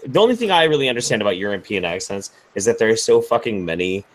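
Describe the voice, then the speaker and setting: Low-voiced American man, rambling and animated. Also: fast. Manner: rambling, hesitant, swears casually. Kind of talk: casual group chat.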